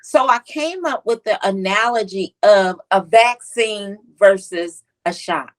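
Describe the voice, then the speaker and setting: A woman with a medium-pitched voice and a US East Coast accent speaks slowly over poor audio. She is a pediatric nurse and author appearing as an interview guest, telling stories with animation and acting out children's voices in conversation.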